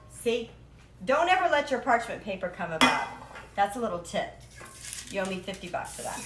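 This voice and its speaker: A woman hosts a live-streamed cooking demo in her home kitchen, chatting playfully and tossing off silly rhymes as she stirs. Her voice bounces around an echoey kitchen. Pots, cutlery and dishes clank loudly behind her. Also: fairly high pitch, background noise. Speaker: cooking show host.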